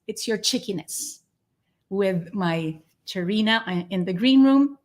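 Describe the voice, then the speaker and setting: A woman's voice: medium pitch, a little slow. A woman hosting an interview podcast, speaking in an earnest, effusive and reflective way. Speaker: podcast host.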